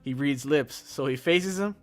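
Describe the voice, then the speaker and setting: A man's voice: a little high, measured pace. A man in casual chat, retelling a movie's plot and acting out lines with a raised voice. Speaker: podcast co-host.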